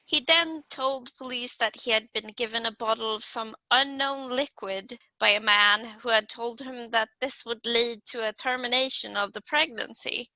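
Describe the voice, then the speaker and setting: A woman's voice: a little high, moderate pace, few pauses, bright, forceful tone, no echo, poor audio. A woman hosting a true-crime podcast, reading her case notes steadily and giggling between lines. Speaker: podcast host. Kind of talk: scripted true-crime narration.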